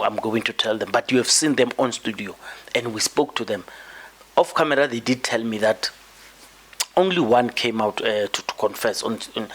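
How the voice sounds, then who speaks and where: A man's voice: mid-range voice, fairly bright tone, husky. A man hosting a podcast, delivering an emphatic political commentary monologue and often repeating words as he builds his point. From South Africa. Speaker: podcast host.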